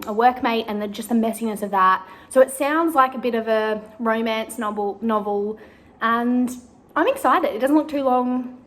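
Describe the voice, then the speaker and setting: A young woman chatting casually about books she has read, rambling a little with lots of fillers. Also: on the high side. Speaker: book vlogger. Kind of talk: casual book review vlog.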